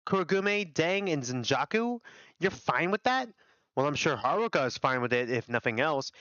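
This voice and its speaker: A man's voice: on the high side, very animated, normal speed, a bit bright, clear, resonant tone, no room sound, dull audio. A man voicing a harsh male colleague who scolds and insults someone with open contempt. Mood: scolding. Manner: berating, contemptuous.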